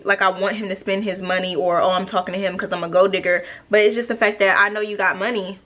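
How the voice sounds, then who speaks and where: A woman's voice: mid-range voice, fairly bright tone. Chatty, sassy young woman vlogger. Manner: chatty, rambling, self-correcting, sassy. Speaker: beauty vlogger. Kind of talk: casual makeup tutorial with personal storytime chat.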